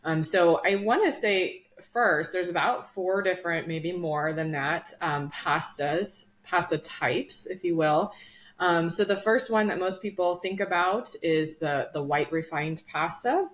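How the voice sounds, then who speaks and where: A woman's voice: lowish voice, a little slow. A woman co-hosting a nutrition podcast, explaining in a casual, informative way with many ums. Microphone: studio microphone.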